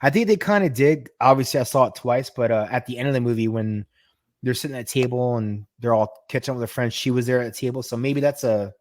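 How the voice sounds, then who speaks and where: A man's voice: medium pitch, quick pace, no echo. A man in the middle of his range chats on a podcast, retelling scenes with loose energy and frequent restarts. His voice sits close and dry on the mic, with no room around it. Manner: animated storyteller, stumbles and restarts, swears freely. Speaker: podcast co-host. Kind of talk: casual chat.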